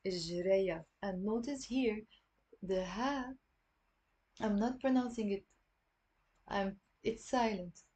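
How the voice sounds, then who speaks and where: Mellow-voiced Lebanese woman teaching slowly. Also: mid-range voice. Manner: patient, repeats words slowly for learners. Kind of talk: online language lesson.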